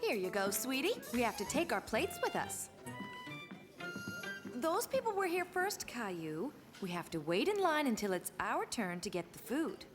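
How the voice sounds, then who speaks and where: A woman voicing a gentle, loving mother in an animated children's series, speaking softly and patiently. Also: on the high side, normal speed, music in the background. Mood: tender. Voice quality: soft, patient, reassuring. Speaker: mother character.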